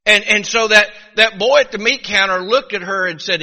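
A man's voice: sits high, moderate pace, hardly any pauses, pushed and bright, long reverb tail, highs cut off. A middle-aged man from Virginia with a Southern accent, preaching a folksy sermon and often repeating his first words as he starts a sentence. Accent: Southern American. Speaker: pastor.

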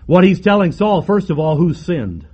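A man preaching a sermon emphatically, with repeated phrases and dramatic pauses. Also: sits high, very animated, warm tone, slightly rough, muffled recording.

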